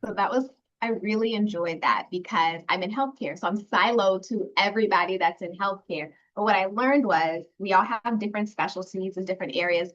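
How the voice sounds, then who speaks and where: A woman's voice: fairly low pitch, fairly bright tone, dull audio. A woman alumna speaking earnestly and reflectively in a casual online panel, with many fillers. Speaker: program alumna. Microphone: video call.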